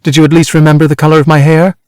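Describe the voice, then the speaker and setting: A man voicing a worldly former actress, a woman with a brisk, teasing, cutting way of talking, in an audiobook reading. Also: a little high, flat delivery, a little mellow, dry recording, studio quality, voice pushed up, lightly acted.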